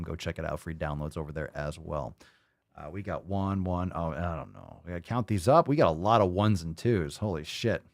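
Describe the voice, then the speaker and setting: A man's voice: sits low, dry recording, studio quality. A man hosting a podcast who reacts to clips in a mocking, profane, sarcastic way. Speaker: podcast host. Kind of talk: casual podcast reaction commentary.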